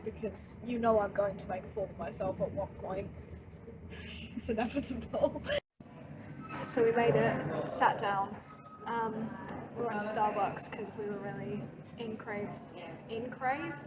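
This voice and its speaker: A woman's voice: mid-range voice, steady tone, moderate pace. A young woman, chatting casually and laughing at herself while vlogging a trip on her phone. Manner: chatty, giggly, self-deprecating. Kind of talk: casual travel vlog. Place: train, busy streets and hotel room. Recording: noisy street and train background.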